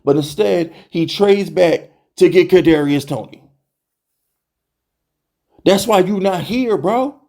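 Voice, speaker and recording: Young male fan-channel host, slightly high, mellow voice, heated exasperated rant. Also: slow, gravelly, long pauses. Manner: animated, exasperated, repeats "bro" and rhetorical questions.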